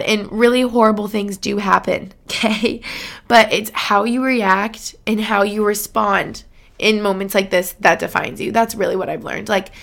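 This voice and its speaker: A woman's voice: mid-range voice, creaky, a bit bright. A woman in her late twenties hosting a solo podcast, talking casually and emotionally with frequent "like" and laughs. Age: late 20s. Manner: chatty, heavy use of "like", laughs often, emotional. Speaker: podcast host.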